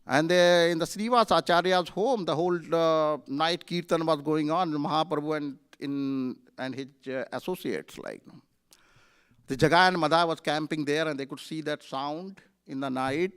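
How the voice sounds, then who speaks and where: A man's voice: fairly high pitch, normal speed, clear, resonant tone. A man telling a sermon story at a temple, in a conversational way full of fillers. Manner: conversational, many fillers, animated retelling. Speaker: temple speaker. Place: temple hall.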